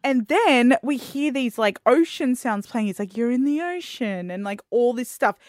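Animated woman telling a story. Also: a little high, normal speed, no echo, studio quality. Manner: animated, dramatic retelling that acts out her own panic. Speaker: podcast co-host. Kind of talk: casual storytelling chat.

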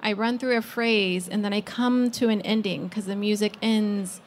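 A woman speaking as a musician on a panel, hesitant with frequent pauses and ums. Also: medium pitch, steady tone, a little hiss or hum. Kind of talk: casual panel discussion.

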